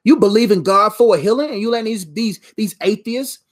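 Facing the camera, a motivational speaker delivers faith-based preaching in a mid-range, fairly quick voice. She is emphatic and conversationally repetitive, and she laughs at her own jokes.

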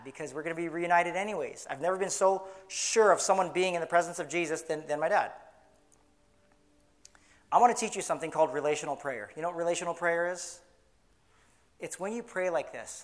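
A man preaching in church, earnest, often restarting, slowing down to stress key words. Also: fairly high pitch. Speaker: pastor. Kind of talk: sermon.

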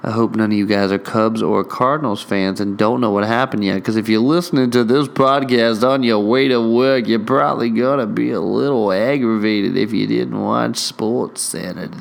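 A young man hosting a casual solo podcast, excitable and profane, rambling through mock play-by-play into a studio mic with a pop filter. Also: lowish voice, normal speed, vocal fry, few pauses. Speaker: podcast host.

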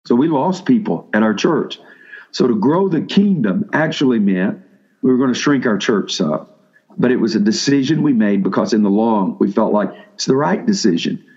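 At a moderate pace, a pastor with a lowish, darkish, breathy voice and lively intonation delivers a sermon to seminary students. He talks casually, regularly restarting and asking the audience questions, in dull-sounding audio.

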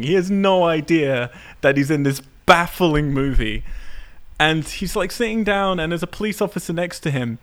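A man co-hosting a casual podcast who rants about a film with animated, laughing criticism. He is from the United Kingdom. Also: a little high, normal speed. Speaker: podcast co-host.

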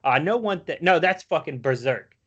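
A man co-hosting a casual podcast, swearing freely as he tells animated stories. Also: fairly high pitch, normal speed, breathy edge, highs cut off. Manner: profane, animated storytelling. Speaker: podcast co-host. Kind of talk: casual chat.

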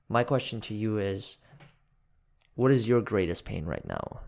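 Reflective man host, lowish voice. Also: huge pitch swings, vocal fry. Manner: reflective, measured, asks long questions. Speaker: podcast host. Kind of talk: reflective interview questions.

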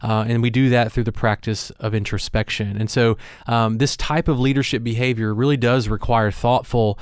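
A man's voice: mid-range voice, steady tone, normal speed, clear, resonant tone, no room sound, studio quality. A man co-hosting a leadership podcast, talking in a thoughtful, earnest way with frequent fillers and restarts. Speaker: podcast co-host.

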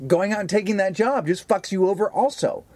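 A man's voice: high-pitched, brisk, darkish tone, slightly rough, no echo. A middle-aged man and stand-up comedian co-hosting a podcast, talking in a profane, confessional way that slides into joking threats. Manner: profane, confessional, then mock-threatening banter. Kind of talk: casual podcast chat.

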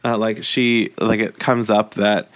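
A man's voice: fairly low pitch, flat delivery, unhurried. A man talking casually about a book he is reading, rambling with lots of fillers and short laughs. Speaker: book reviewer.

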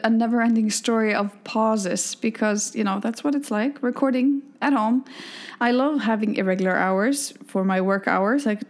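Chatty Icelandic woman, slightly high voice. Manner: chatty, self-deprecating, many fillers. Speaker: podcast host. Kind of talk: casual podcast monologue. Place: home.

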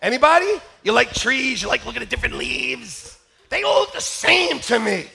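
A man preaching a comic storytelling sermon at a church service, animated and breaking into loud joking shouts. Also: very high-pitched, moderate pace, creaky, a crowd in the background. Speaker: pastor.

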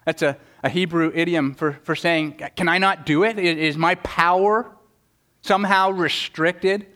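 A man's voice: on the high side, steady tone, measured pace, bright, forceful tone. A man preaching a sermon, earnest, often repeating words as he starts a thought. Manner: earnest, stammering repetitions, voices quoted speakers. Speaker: pastor.

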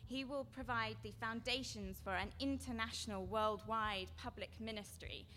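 A woman giving an earnest sermon-style seminar talk, her voice going from quiet to loud. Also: fairly high pitch, normal speed, a little hiss or hum. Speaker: seminar speaker.

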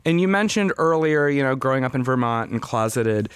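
A man of middle pitch hosts a podcast interview, easing into questions with frequent fillers. His voice sits close and dry on the mic with no room sound, and he talks in a relaxed, thoughtful way. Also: brisk, clear, resonant tone, no echo. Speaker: podcast host. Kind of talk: conversational interview.

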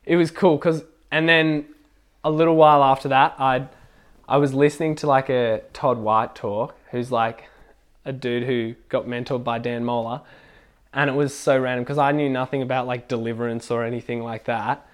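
A man's voice: mid-range voice, steady tone, normal speed. A young man casually telling a personal faith story, rambling with lots of filler words and laughing now and then. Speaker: speaker sharing a faith testimony.

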